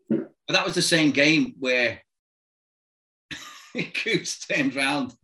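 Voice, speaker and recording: A former football manager telling lively anecdotes in casual chat, acting out voices and noises and laughing often. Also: male voice, fairly high pitch, very slow, long pauses, rough recording.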